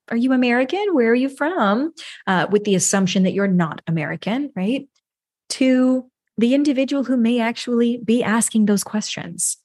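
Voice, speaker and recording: A woman's voice: mid-range voice, darkish tone, no echo, studio quality. A woman from New York hosting a solo podcast, speaking in a reflective, conversational way and often asking "right?". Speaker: podcast host.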